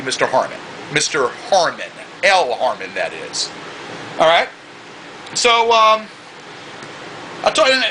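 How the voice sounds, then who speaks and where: A man with a high voice rants straight to the camera, hurling insults and repeating himself. His tone is piercingly bright and cutting, and he slows right down to hammer each point home. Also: slight background noise, low-quality recording. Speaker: video blogger. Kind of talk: angry ranting monologue to the camera.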